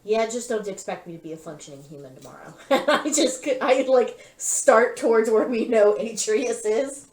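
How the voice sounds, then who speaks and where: A woman's voice: on the high side, lively intonation, moderate pace, few pauses, a little mellow. A woman playing in a tabletop game, chatting in a playful way and laughing easily. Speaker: player. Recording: roomy echo with faint noise.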